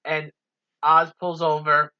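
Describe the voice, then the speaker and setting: A man's voice: on the high side, completely flat delivery, slow pace, clean tone. A man co-hosting a podcast, casually walking through a movie's plot and laughing along. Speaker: podcast co-host. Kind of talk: casual movie recap chat. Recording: dull lo-fi sound.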